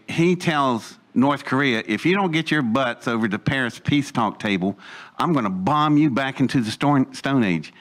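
A man's voice: medium pitch, fairly bright tone. Older man telling a rambling folksy story. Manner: rambling, folksy, acts out voices in quotes. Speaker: speaker telling his life story. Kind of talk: storytelling talk to an audience.

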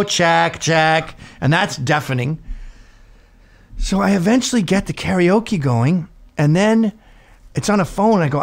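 A middle-aged man, the host, telling a comic story in a lively way, laughing often and mimicking others. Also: on the high side. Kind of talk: animated comedic storytelling.

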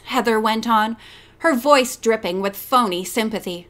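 A woman narrating an audiobook with an expressive reading, doing many voices. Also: a little high, a little slow. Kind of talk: scripted narration.

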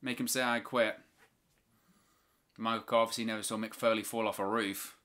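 A man's voice: on the low side, flat delivery, a little fast, fairly bright tone. A man hosting a live watch-along, giving play-by-play wrestling commentary with opinionated, exasperated asides.

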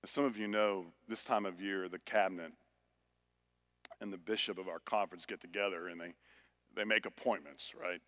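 A male pastor preaching a sermon, building to loud, emphatic refrains. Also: sits low, fairly even intonation, moderate pace. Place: church sanctuary. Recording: reverberant church hall.

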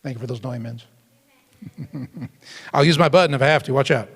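A man's voice: medium pitch, moderate pace, breathy edge, big-room sound. A male pastor preaching to a youth group, emphatic, with frequent call-and-response asides. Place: church hall.

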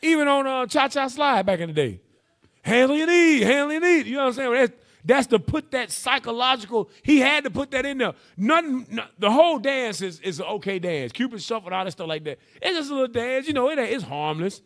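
A man teaching a Bible class in a lively, playful preaching style, drawing responses from the room. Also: very high voice, a little fast. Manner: animated, playful, calls on readers with "go ahead".

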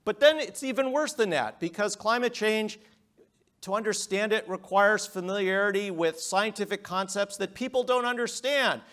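A middle-aged man giving a public lecture, emphatic, with rhetorical questions and swings between loud and quiet. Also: sits high, normal speed. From United States.

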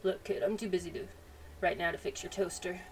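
A woman plays a gruff mechanic who is too busy for anyone and snaps impatiently. It is a game character read a little far from the mic, with faint noise behind. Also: lowish voice, level tone, a little fast, darkish tone, natural voice. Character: grumpy busy male crane-operator mechanic.

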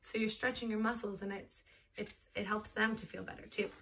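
A woman's voice: mid-range voice, fairly even intonation, brisk, fairly bright tone. A woman reading a picture book and leading a children's yoga class, encouraging the kids in simple words. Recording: distant mic, faint background noise.

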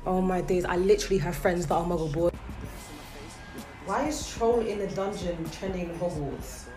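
A woman's voice: on the low side, moderate pace, mellow, faint music behind. A young woman performing a cheeky, slangy comedy sketch.

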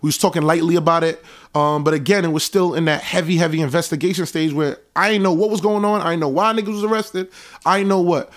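High-voiced New man telling a story. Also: fast. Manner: animated, reenacts conversations in a raised voice. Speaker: show host recounting events. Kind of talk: casual storytelling monologue.

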